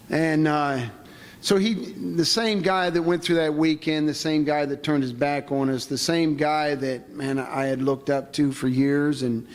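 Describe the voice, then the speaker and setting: A man speaks at a conference, telling his own story as a personal testimony. His voice sits a little high for a man, and his delivery is plain-spoken and halting. The long reverb of a large hall trails behind every word. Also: a little hiss or hum.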